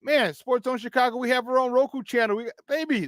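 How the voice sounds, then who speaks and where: A man hosting a morning sports talk show, loud, hyped up and playful as he talks to viewers. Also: extremely high pitch, fairly quick, no room sound, clean studio sound.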